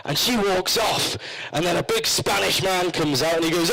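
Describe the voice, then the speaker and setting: A man's voice: a little high, steady tone, moderate pace, few pauses, fairly bright tone, low-quality recording. A young man with a Wrexham Welsh accent doing live stand-up, telling rambling, self-mocking stories full of fillers. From Wales. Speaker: stand-up comedian. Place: live comedy stage at a university campus event.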